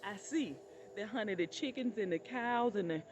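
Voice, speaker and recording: A woman's voice: mid-range voice, normal speed, slight background noise. A woman vlogger telling stories in a casual, chatty way, often calling her listeners "honey" and playing up quoted exclamations. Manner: acts out quoted exclamations with laughter. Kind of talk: casual storytelling.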